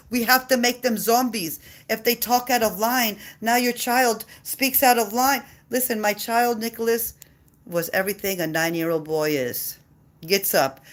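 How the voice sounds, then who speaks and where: A woman's voice: a little high, a bit bright. Woman, impassioned rant, blunt and profane, repetitive delivery. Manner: passionate, blunt, swears freely, repeats herself. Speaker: mother ranting on video. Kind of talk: heated monologue rant.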